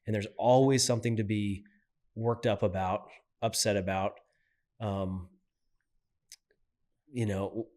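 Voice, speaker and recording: A man's voice: fairly low pitch, steady tone, measured pace, long pauses, a little mellow. A man hosting an interview, asking long rambling questions full of fillers and restarts. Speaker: podcast host. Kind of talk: interview conversation.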